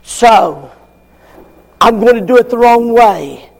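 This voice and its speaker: Brief: older male preacher, fiery, high voice, slow and swooping. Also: expressive, creaky. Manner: fiery, shouting, acts out congregants. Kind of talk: sermon.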